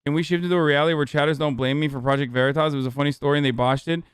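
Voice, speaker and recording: A man's voice: on the high side, steady tone, racing, clean tone, dry recording. A streamer venting to his chat, cursing and exasperated. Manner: profane, exasperated, talks to chat.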